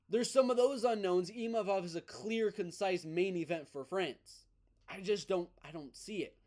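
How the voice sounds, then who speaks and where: A man hosting a fight news vlog in a casual, excited, opinionated way, often repeating himself for emphasis. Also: high voice. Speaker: MMA news host.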